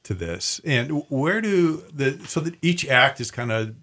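Interview host, mid-pitched voice, curious and halting, restarts his questions. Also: big pitch swings, a bit bright. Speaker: radio host. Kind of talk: casual interview.

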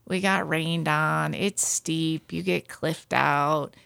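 A woman being interviewed about her outdoor adventures, a lively, self-deprecating storyteller who laughs often. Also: low-pitched, slow, vocal fry, clear, resonant tone, no room sound. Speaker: guest, outdoor adventure writer. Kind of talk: casual interview chat.

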